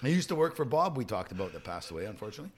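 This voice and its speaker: A man's voice: on the low side, big pitch swings, rapid-fire, breathy edge. A man on a podcast, telling profane, rambling stories in casual chat and acting out the voices he quotes. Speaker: podcast regular.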